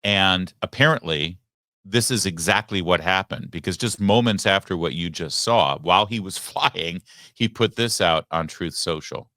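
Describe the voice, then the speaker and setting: Deep, bright-voiced man hosting political commentary. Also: moderate pace, no room sound, clean studio sound. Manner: emphatic, sarcastic asides. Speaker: political talk show host. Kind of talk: opinionated news commentary.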